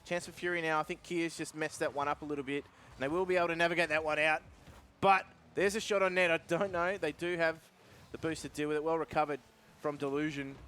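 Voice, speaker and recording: A man calling live esports play-by-play in a lively, upbeat way. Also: a little high, fast talker. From Australia. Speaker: esports commentator.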